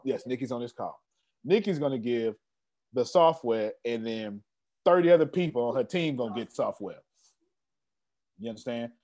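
A man hosting an online team meeting, talking in a casual, slangy and teasing way, repeating himself for emphasis. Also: medium pitch. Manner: animated, slangy, teasing and repetitive. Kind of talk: casual motivational team call.

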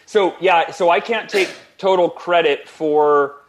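A man in his forties tells a personal story as a podcast guest, moving fast and eagerly. His voice sits a little high for a man. He slips quoted voices into his account as he goes. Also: slight background noise. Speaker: guest author. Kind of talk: storytelling interview.

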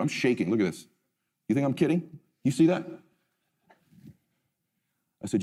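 A man's voice: on the low side, lively intonation, brisk, pauses often, mellow, in a large hall. A middle-aged man giving a motivational talk. He tells the story intensely and emphatically, and he swears freely. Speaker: motivational speaker.

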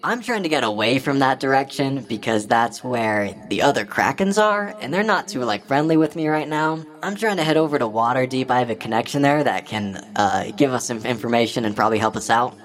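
A man's voice: mid-range voice, lively intonation, fairly quick, hardly any pauses, a bit bright, close to an everyday voice. Give me a man playing a cocky small kraken, teasing and blunt.

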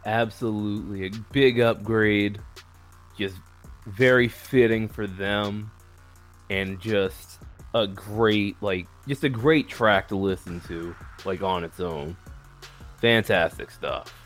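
Male podcast guest, talks real slow and laid back, says like a lot, faint music behind. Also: lowish voice. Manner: relaxed, uses "like" a lot. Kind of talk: casual podcast chat.

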